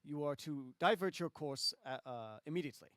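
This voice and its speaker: A man's voice: a little high, lively intonation, fairly bright tone, dry recording, studio quality. A man playing a curt blockade officer. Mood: stern. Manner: stern, formal, halting with fillers. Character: curt male droid-army blockade officer.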